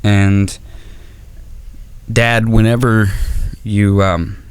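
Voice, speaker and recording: A man's voice: lowish voice, level tone, extremely slow, clean tone, dry recording. A man doing a stand-up set on stage, rambling and self-mocking with stammering restarts. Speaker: stand-up comedian. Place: comedy auditorium stage.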